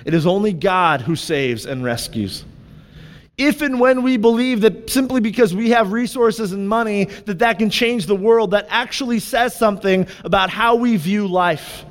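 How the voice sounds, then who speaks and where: A man's voice: high voice, big-room sound. A young man preaching a sermon to his church, chatty and candid, with frequent asides to the congregation. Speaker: pastor. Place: church sanctuary.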